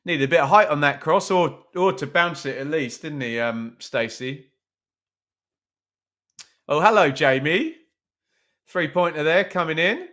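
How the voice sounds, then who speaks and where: Here the football watch-along host speaks in a higher, fairly bright, expressive voice, unhurried and with long pauses. He jokes about himself, chats casually, and reads viewers' comments aloud before replying.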